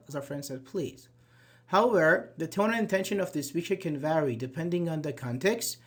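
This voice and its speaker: A man teaching an online English grammar class, reading example sentences aloud and quizzing his students. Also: fairly high pitch.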